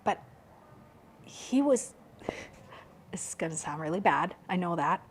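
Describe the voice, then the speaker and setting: Soft, halting woman in conversation. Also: lowish voice, expressive, a little hiss or hum. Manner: soft-spoken and halting, often dropping to a hushed near-whisper. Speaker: podcast guest. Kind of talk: personal conversation.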